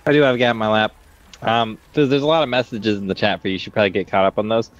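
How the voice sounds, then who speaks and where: A man's voice: lowish voice, fairly even intonation, racing. A man chatting easily as a player at a tabletop game. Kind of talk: casual chat at a tabletop game. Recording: dull lo-fi mic.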